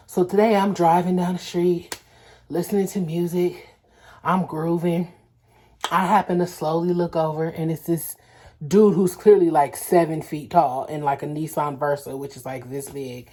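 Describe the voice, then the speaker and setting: A young adult woman from Los Angeles, vlogging casually and telling stories in a lively, slangy way, acting out quotes. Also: lowish voice, normal speed. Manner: animated, slangy storytelling with acted-out quotes. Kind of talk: casual storytelling vlog.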